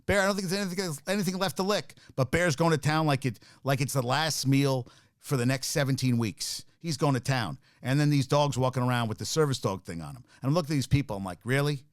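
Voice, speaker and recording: A man hosts a sports talk show in a loose, worked-up rant, swearing and stumbling over restarts. His voice sits in a middle pitch. The sound is dry and close, with no room around it. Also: fast, no echo. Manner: worked-up, ranting, profane, rambling with restarts.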